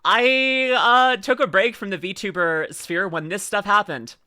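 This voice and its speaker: A man with a Canadian accent giving casual, rambling reaction commentary as a streamer, quick to laugh and exclaim. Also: high-pitched, bright, forceful tone.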